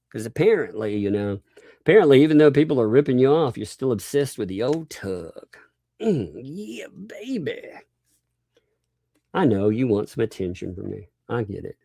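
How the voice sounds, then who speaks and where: A man's voice: medium pitch, expressive, a little fast, creaky, mellow, dry recording. A man hosting a livestream, ranting in a combative, mocking way and swearing freely. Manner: combative, mocking, swears, laughs between lines. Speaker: livestream host.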